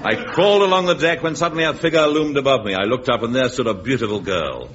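A man's voice: mid-range voice, animated, fast talker, fairly bright tone. Man in a mock-heroic comedy narration. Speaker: comic narrator and lead. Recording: dull old radio recording with heavy hiss.

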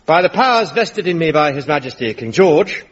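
An actor playing a polite, fussy and sly army captain. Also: male voice, fairly high pitch, big pitch swings, normal speed, muffled recording, a little hiss or hum. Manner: mannered, pointed.

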